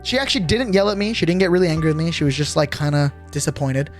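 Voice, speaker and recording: A man's voice: a little high, fast, soft background music. Exasperated young man ranting on stream. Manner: exasperated, swears a lot, many restarts. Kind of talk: ranting storytime on a livestream.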